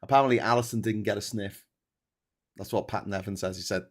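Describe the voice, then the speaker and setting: Man, livestream host, casual chat that jumps to loud hype. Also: on the low side, a little fast. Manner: energetic, loud bursts when hyping super chats.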